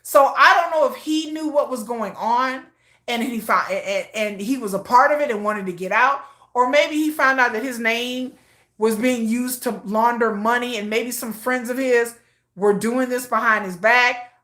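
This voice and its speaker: Her voice sits fairly high, sharp-toned and reverberant, at a moderate pace. This commentary vlogger talks in a casual, emotional way, frequently repeating herself and starting over.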